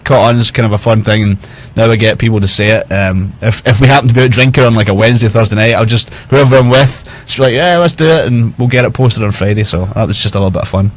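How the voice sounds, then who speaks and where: A whisky brand ambassador tells chatty, self-mocking stories in casual conversation. His voice is fairly low, his intonation fairly even, and he talks fast.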